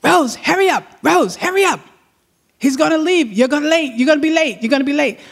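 A woman's voice: a little high, expressive, a little fast, gravelly, husky, big-room sound, pitched above the performer's own voice, exaggerated voice. A woman doing an impatient older man hollering. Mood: urgent. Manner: urgent repeated hollering.

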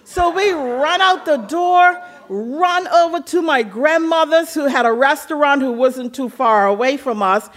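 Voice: high-pitched, measured pace, few pauses. A speaker casually telling a childhood story, laughing now and then. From Bermuda. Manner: relaxed, laughs while telling, acts out voices.

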